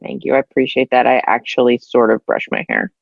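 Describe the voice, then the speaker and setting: A woman in her forties hosting a podcast in casual, self-deprecating chat, with a raspy morning voice. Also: very deep voice, little pitch movement, brisk, dry recording, lo-fi sound. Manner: self-deprecating, laughs often. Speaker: podcast host.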